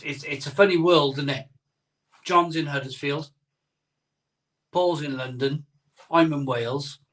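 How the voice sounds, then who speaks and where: A middle-aged man runs a live stream in a casual chat, reading viewer comments aloud with jokes, frequent chuckles and storytelling banter. His voice sits high and sounds pushed and bright.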